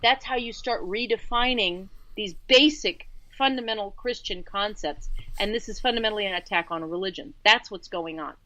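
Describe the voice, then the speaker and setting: A woman's voice: mid-range voice, normal speed, few pauses, pushed and bright, no room sound, poor audio. A woman co-hosting a talk radio show, making emphatic points and often repeating words as she builds them. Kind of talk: casual talk radio commentary.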